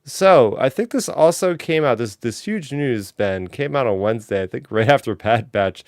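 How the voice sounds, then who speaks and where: A man's voice: mid-range voice, expressive, moderate pace, darkish tone, no echo, clean studio sound. A man hosting a fan podcast, running through announcements and news in an enthusiastic, casual way. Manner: enthusiastic, talks through housekeeping. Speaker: podcast host.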